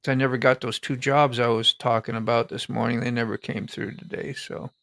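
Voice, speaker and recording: A man's voice: medium pitch, little pitch movement, a little fast, fairly bright tone. A man hosting a live stream, chatting casually in a joking, rambling way and laughing often. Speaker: livestream host.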